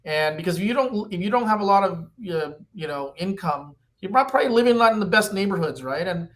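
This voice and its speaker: Higher-voiced man telling animated stories. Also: a little fast, a little hiss or hum. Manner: animated storyteller, pitchy. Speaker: company executive guest. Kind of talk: podcast interview.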